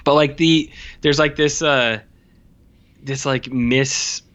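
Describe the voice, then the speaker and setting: A man's voice: mid-range voice, slow, clean tone, muffled recording. A man in casual conversation about a film, rambling with lots of fillers and acting out lines from scenes. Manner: rambling, many fillers, animated quoting of characters.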